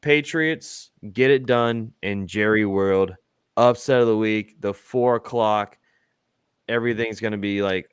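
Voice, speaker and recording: Animated man hosting a sports stream. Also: lowish voice, a little slow, clean tone, no echo, clean studio sound. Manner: animated, hyped, joking. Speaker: host. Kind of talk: casual sports talk stream.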